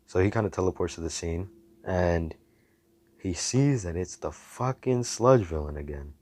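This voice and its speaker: A man's voice: low-pitched, lively intonation, moderate pace, a little mellow. A man telling a story in a casual, rambling way, full of slang and cursing.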